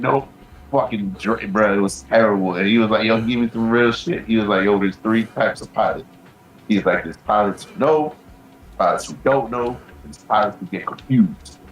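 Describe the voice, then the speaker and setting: A podcast co-host with a mid-range voice tells a long, rambling story in a casual way. He swears freely and peppers it with "bro." The recording is low quality and reverberant.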